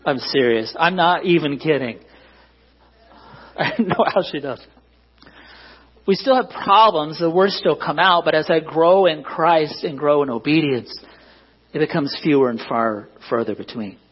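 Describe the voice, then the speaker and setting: A man's voice: on the high side, moderate pace, slightly rough, highs cut off. A man preaching a conversational sermon as pastor, often asking the congregation to agree. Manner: conversational, self-deprecating, asks the congregation for agreement. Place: church.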